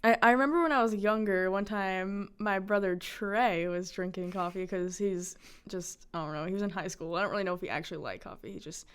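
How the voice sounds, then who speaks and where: Smooth-voiced teenage girl rambling. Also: mid-range voice, fairly even intonation, brisk. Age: teens. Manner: rambling, chatty storytelling with fillers. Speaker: high school student. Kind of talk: casual chat.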